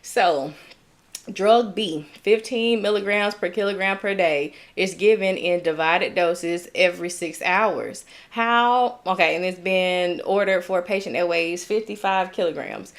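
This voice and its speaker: A young woman with a Southern US accent, tutoring nursing students on a live stream, chatty and upbeat, reading chat comments and checking in with "okay?". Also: lowish voice. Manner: upbeat, chatty, drawn-out explaining with frequent "okay?".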